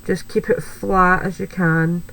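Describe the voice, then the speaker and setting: Slow, chatty woman demonstrating crafts. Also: fairly low pitch, level tone, gravelly, fairly bright tone, low-quality recording. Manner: chatty, self-deprecating, thinks aloud. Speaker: card-making demonstrator. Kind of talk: craft tutorial, talking while working.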